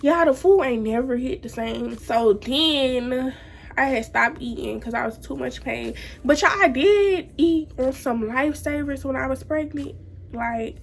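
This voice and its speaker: A woman's voice: high voice, unhurried, creaky. A teenage woman chatting casually to viewers in a slangy storytime vlog. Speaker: vlogger.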